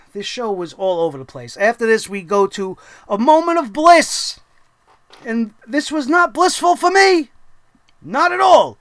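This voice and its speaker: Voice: medium pitch, sing-song, unhurried, long pauses, fairly bright tone, no room sound. Blunt, profane wrestling rant host. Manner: sarcastic rhetorical questions. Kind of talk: opinionated wrestling review rant.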